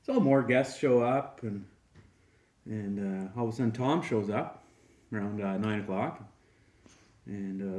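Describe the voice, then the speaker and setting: Laid-back guy telling a joke, lowish voice, lots of uhs, echoey room. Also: unhurried, pauses often. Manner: relaxed, many fillers. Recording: roomy echo.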